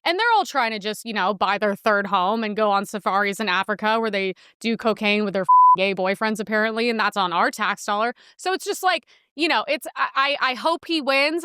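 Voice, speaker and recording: A woman's voice: on the high side, pushed and bright, smooth, no echo, studio quality. A young woman hosting a podcast, talking casually and sarcastically about the news, with frequent laughs. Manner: chatty, sarcastic, laughs often. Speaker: podcast host. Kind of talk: casual political commentary.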